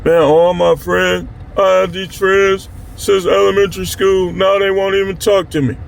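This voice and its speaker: Blunt, gravelly man ranting to his viewers. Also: sits high, flat delivery, moderate pace. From Milwaukee, Wisconsin. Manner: blunt, slangy, fired-up, addresses viewers directly. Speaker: channel host. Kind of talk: candid to-camera monologue.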